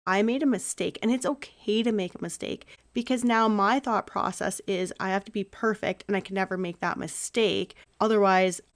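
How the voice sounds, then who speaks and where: A woman hosts a relaxed podcast conversation at an ordinary, middle pitch. She sounds earnest and reflective, easing into personal stories about parenting. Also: normal speed, few pauses. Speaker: podcast host. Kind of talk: casual conversational interview.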